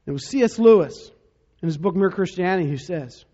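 A man preaching a sermon as pastor, dramatic, dropping to a hush to stress key points. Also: sits high, expressive, brisk, muffled recording. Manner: dramatic, drops to a hush for emphasis.

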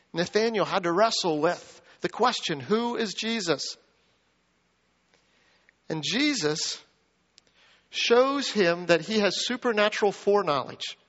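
A high-voiced man preaches a lively sermon and acts out the quoted lines with a lift in his voice. His voice carries a long reverb, as if he is in a large church. The sound is dull and muffled. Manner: animated, acts out quoted lines with rising pitch. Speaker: pastor.

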